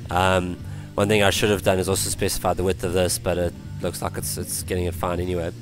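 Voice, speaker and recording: A man explaining web page coding in a screen-recorded tutorial, his voice worn from illness, halting with many ums and restarts. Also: low-pitched, monotone, music in the background. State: voice going from illness. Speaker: tutorial presenter.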